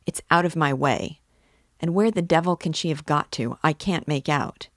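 A woman's voice: deep voice, normal speed, a bit bright, no echo, clean studio sound. A woman reading aloud, voicing an impatient man visitor who grumbles and curses. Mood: irritated. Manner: grumbling, cursing.

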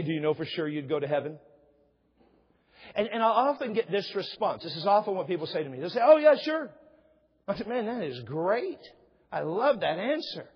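A middle-aged man preaching a sermon as pastor, talking conversationally and acting out little dialogues. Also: husky. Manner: conversational, acts out dialogues with rising pitch. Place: church sanctuary. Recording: dull sound with long hall reverb.

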